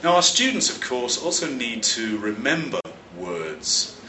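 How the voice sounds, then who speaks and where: A man from London, a teacher explaining vocabulary in a clear, measured lesson, stressing key words. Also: medium pitch, very animated, distant mic, background noise. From London, England. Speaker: English teacher and teacher trainer. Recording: roomy echo, slightly off-mic.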